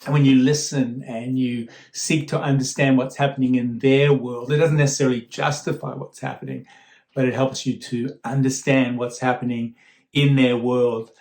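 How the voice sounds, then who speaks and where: A man giving a guest sermon in a relaxed, conversational way, often repeating words as he starts a thought. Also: mid-range voice, moderate pace, echoey room. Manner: conversational, warm storytelling with frequent fillers and repeated starts. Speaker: guest speaker.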